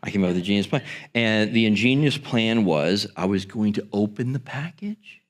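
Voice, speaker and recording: A pastor telling a story about his boyhood, vivid, jumping up into a high voice when acting out his younger self. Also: lively intonation, moderate pace. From Michigan. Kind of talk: storytelling to a congregation.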